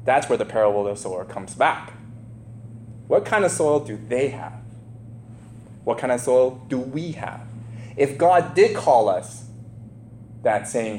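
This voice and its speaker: A man giving a conversational sermon, animated, questioning his listeners and acting out the people in the story. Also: mid-range voice, a little slow, pauses often. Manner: animated, asks the listeners questions, acts out quotes. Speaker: preacher. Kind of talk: conversational sermon, Bible teaching. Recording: roomy echo with faint hum.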